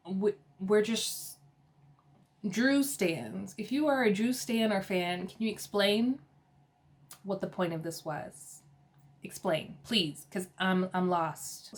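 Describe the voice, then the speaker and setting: A woman recapping a reality TV episode in a casual, sassy and animated way, with slang and laughter. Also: medium pitch. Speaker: TV episode reviewer.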